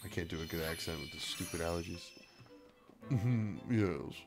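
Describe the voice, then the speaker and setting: A man's voice: low voice, normal speed. A man hosting a let's-play, chatting casually, reading game text aloud and riffing on it with laughs. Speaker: gaming channel host. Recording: game music playing under the voice. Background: video game music.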